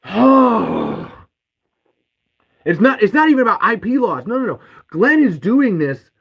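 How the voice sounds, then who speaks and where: A man with a high voice rants furiously as a podcast host. He swears constantly and repeats the same curses over and over. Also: big pitch swings, brisk, breathy edge, poor audio. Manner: profane, heated, repeats curses. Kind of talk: angry ranting podcast monologue.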